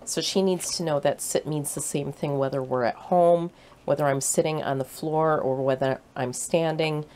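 A woman with a low voice gives an educational talk for children. She explains things patiently and clearly, building each point through simple examples. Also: fairly even intonation, moderate pace, mellow. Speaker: animal shelter educator.

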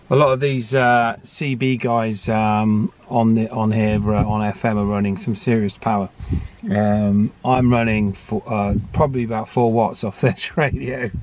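A man hosting a radio hobby vlog outdoors on high ground, chatting in a relaxed, thinking-aloud way. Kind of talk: casual vlog narration.

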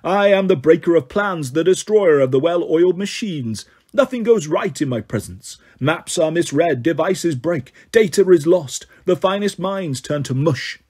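A man's voice: fairly high pitch, lively intonation, a little mellow, breathy edge. Mimas, a man voicing a gloating giant. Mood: mocking. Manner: slow gloating taunts. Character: boastful brutish male giant, mocking.

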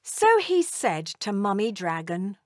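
A woman narrating a children's storybook in a slow, expressive read-aloud manner. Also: medium pitch, dry recording, clean studio sound.

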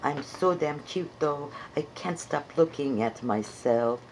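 A woman's voice: low voice, lively intonation, takes it slowly, darkish tone, a little hiss or hum, exaggerated voice. A woman voicing a shy blue furry puppet creature, unsure and playful as she searches for its voice in improvised comedy. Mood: silly.

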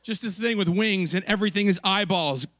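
A man's voice: high-pitched, a little fast, fairly bright tone, no echo. A man preaching a casual, conversational sermon, peppered with "like" and "right?" and acting out the people he quotes. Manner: chatty, lots of "like" and "right?", acts out quotes with laughs. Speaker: pastor.

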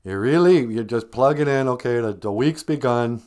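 A man's voice: medium pitch, normal speed, a little mellow. A man hosting a casual live stream, joking and teasing his viewers while teaching words. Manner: playful, teasing banter with viewers; jokey mock-stern scolding.

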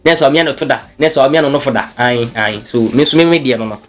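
A man's voice: mid-range voice, fast, fairly bright tone, soft background music. A man with a Ghanaian accent hosting a news blog show, chatting casually and switching freely between English and Twi.

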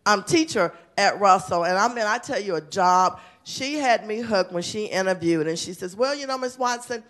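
An enthusiastic woman principal speaking at a council meeting. She talks in a chatty, warm-hearted rush and often breaks into laughter. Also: mid-range voice, normal speed. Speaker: elementary school principal. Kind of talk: award presentation speech. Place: city council chamber.

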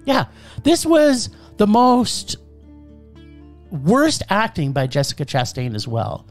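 A man's voice: high voice, sing-song, slow pace, soft background music. A man reviewing a film on a podcast, sarcastic and scathing in a casual chat.

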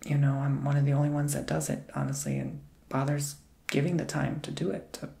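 A man giving an ASMR Reiki healing and tarot session, talking in a soft, mostly whispered, meandering and reassuring way. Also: on the high side, level tone, brisk, creaky, echoey room.

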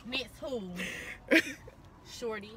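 A woman's voice: on the high side, extremely slow, a bit bright. A woman from New York mockingly teasing a friend in a car, repeating the same jabs. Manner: teasing, repetitive, mocking banter. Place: inside a car.

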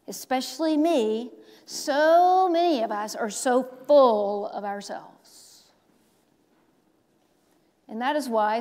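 Woman, pastor, high voice, slow storytelling sermon, long church reverb. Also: darkish tone. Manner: slow storytelling with dramatic pauses. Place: large church sanctuary.

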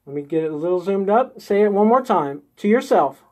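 A man's voice: sits high, lively intonation, brisk, a little mellow. A man hosting a live-streamed spiritual coaching session, guiding viewers step by step through an inner exercise and checking in with them constantly. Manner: coaxing, checks in constantly with "okay?" and "right?". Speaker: host of a live group session.

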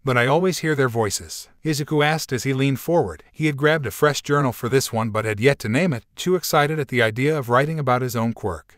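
A man reading a fan story aloud in a flat, even delivery. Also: medium pitch, fast, hardly any pauses, no room sound, studio quality. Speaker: narrator.

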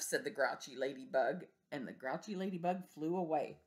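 A woman preschool teacher reading a picture book aloud to young children, gentle and expressive, asking them questions. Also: sits low, moderate pace, hardly any pauses.

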